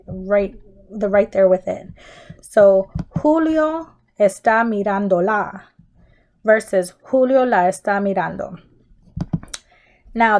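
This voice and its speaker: A woman teacher talks slowly and patiently through a recorded grammar tutorial. She lays out each step and keeps checking in with her students. Her pitch sits in a middle range. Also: darkish tone. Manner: patient, explains step by step with frequent "okay?" checks. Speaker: Spanish teacher.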